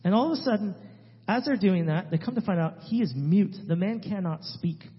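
High-voiced man telling an animated testimony. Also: brisk. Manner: emphatic, swings from loud to hushed. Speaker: missionary guest speaker. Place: church sanctuary. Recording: reverberant hall, dull lo-fi sound.

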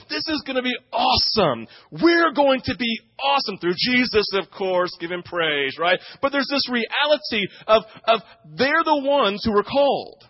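A man with a notably high voice delivers a sermon, speaking to his congregation in a conversational way. He keeps asking "right?" and throws himself into the quotes he acts out. The recording sounds muffled and lo-fi. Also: no room sound. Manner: acts out quoted speech with energy. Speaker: pastor.

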